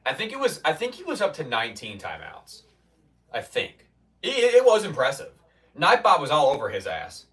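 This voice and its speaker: A man's voice: a little high, huge pitch swings, moderate pace, fairly bright tone, recorded from a distance. A man streaming from a basement gym, chatting loosely with his viewers and often restarting his sentences. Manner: rambling, restarts, mock-quotes chatters. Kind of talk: casual chat with stream viewers.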